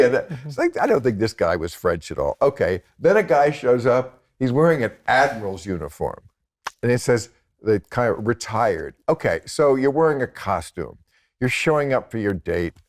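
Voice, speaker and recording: Man, 60s, low pitch, sardonic, casual podcast chat, mocking asides. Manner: sardonic storyteller, slips into mocking voices. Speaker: podcast guest.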